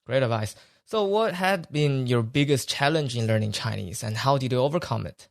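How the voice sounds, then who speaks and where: A man hosting a podcast, giving short acknowledgements and asking measured interview questions. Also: mid-range voice, animated, vocal fry, no room sound, clean studio sound. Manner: brief backchannels, measured questions. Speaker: podcast host.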